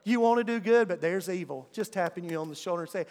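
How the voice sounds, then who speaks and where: A man's voice: sits high, fast, darkish tone. A man preaching a sermon as pastor, emphatic and calling on the congregation to answer him. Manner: emphatic, calls on the congregation to respond. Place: church sanctuary. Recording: long church hall reverb.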